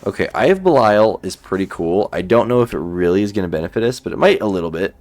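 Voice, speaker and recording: A man casually commenting while playing a video game, thinking aloud about his choices in a relaxed, sleepy way. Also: on the low side, fast talker. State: sleepy, yawning. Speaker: gaming YouTuber. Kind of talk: let's play commentary.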